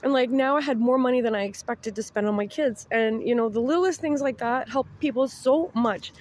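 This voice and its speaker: A woman's voice: on the high side, a little fast, a little hiss or hum. A woman in her thirties with children, tearfully giving a heartfelt spiritual message outdoors in the sun, rambling and repeating herself. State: tearful, close to crying. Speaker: spiritual vlogger. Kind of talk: emotional spiritual message to camera.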